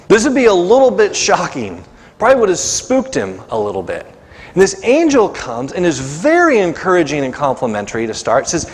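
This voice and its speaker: Male pastor, conversational sermon style, fairly high voice that swings widely, acts out the quotes. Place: church sanctuary. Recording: long church reverb.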